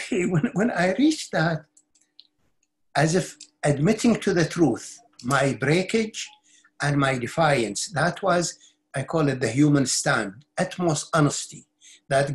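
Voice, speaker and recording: A middle-aged man speaking as a spiritual teacher in an interview, his voice sitting a little above the usual male pitch. He recounts his own experience earnestly and intensely, stumbling into restarts and repeated words as he searches for the right phrase. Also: lively intonation, slow. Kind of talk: personal storytelling in an interview.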